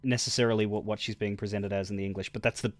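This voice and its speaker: A man's voice: fairly low pitch, steady tone, racing. A man streaming a game, chatting casually in a rambling, wry and crude way. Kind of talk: casual livestream commentary.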